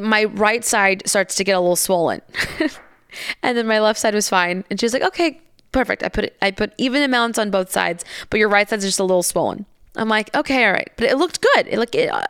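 A woman's voice: medium pitch, clear, resonant tone, no room sound, studio quality. A young woman telling a candid story in a casual, chatty way, swearing and laughing as she goes.

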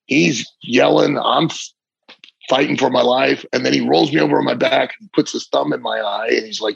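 A middle-aged former wrestler tells a long, vivid story, with frequent restarts and loose asides. His voice is thick with gravel and sounds husky. It is recorded close and dry, with a dull, lo-fi sound. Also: mid-range voice, normal speed, no echo. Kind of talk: casual storytelling interview.

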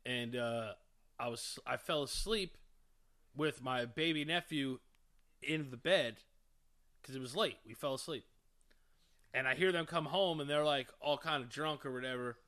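Man with a sharp, very bright voice. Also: mid-range voice, measured pace, long pauses. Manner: loose, profane storytelling. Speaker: podcast co-host. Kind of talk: casual chat.

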